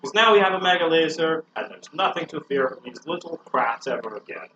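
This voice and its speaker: A man's voice: on the high side, lively intonation, fairly quick, noisy background. A man commentating a video game as a joke, hamming up a mock Russian accent. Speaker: let's play co-host. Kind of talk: joking gameplay commentary. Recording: dull lo-fi recording.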